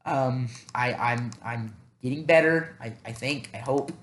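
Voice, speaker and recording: A man's voice: medium pitch, unhurried, a bit bright, reverberant. A man hosting a casual solo podcast, thinking aloud in a rambling, self-deprecating way with many fillers. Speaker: podcast host.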